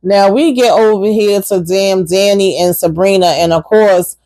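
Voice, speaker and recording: Woman, sassy recap host, animated delivery, dry close sound. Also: mid-range voice, unhurried, dry recording, low-quality recording. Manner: animated, sassy, swears casually. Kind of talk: casual episode recap.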